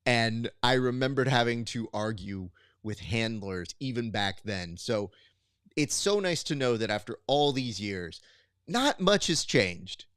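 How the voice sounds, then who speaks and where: A man's voice: fairly low pitch, clean tone, no echo, clean studio sound. Upbeat male podcast host. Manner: animated storyteller, acts out quoted exchanges. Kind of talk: casual podcast chat.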